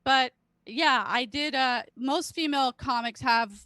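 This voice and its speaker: A high-pitched woman in her late thirties working through a bawdy stand-up set, cracking herself up between punchlines. Her voice sits close and dry on the mic with almost no room sound. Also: unhurried, pushed and bright, no echo, rough recording. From Britain. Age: late 30s. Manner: crude self-deprecating jokes, laughing at her own lines. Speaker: stand-up comic. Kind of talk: stand-up comedy set at a virtual charity show.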